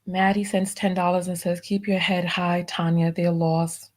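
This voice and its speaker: A woman hosting a live stream, reading out viewer donation messages and softly thanking each one. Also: on the low side. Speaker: livestream host.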